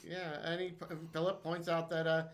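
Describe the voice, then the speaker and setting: A man's voice: a little high, monotone, moderate pace. A man co-hosting a podcast, recapping a sitcom in casual chat and agreeing often with mm-hmms. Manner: agreeable, fills in with frequent mm-hmms and yeses. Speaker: podcast co-host.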